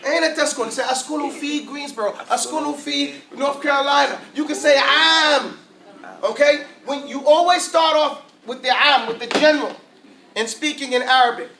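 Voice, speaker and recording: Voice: high-pitched, moderate pace, gravelly, pushed and bright, a little hiss or hum. An Arabic teacher, teaching a class casually in slangy talk and often checking that everyone follows. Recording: echoey room from far off.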